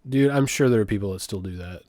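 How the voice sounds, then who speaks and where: A man's voice: fairly low pitch, quick pace, warm tone, no room sound, studio quality. A young man co-hosting a podcast, joking, swearing often and laughing in casual chat. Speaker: podcast co-host.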